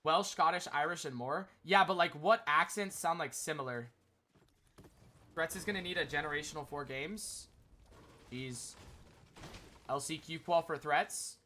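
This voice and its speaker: A man hosts a casual livestream and chats loosely with his viewers. His voice sits a little high and sounds very bright and sharp. He rambles and fills his sentences with "like.". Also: a little slow, pauses often, a little hiss or hum. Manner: rambling, many "like" fillers, talks to chat. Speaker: streamer. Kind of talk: casual livestream chat commentary.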